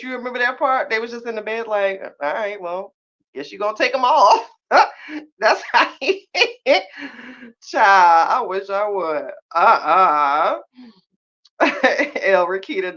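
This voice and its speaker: A woman hosting a podcast in casual live-stream chat, talking with sass, drawn-out exclamations and frequent laughter as she reacts to viewers. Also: medium pitch. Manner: sassy, animated, laughs often; drawn-out exclamations and slangy asides. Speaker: podcast host. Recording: slightly muffled lo-fi sound.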